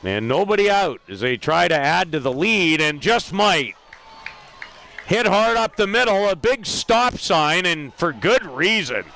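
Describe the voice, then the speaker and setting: Lively male softball play-by-play announcer. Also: high-pitched, a little slow, vocal fry. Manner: lively play-by-play, self-deprecating asides. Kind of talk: sports commentary.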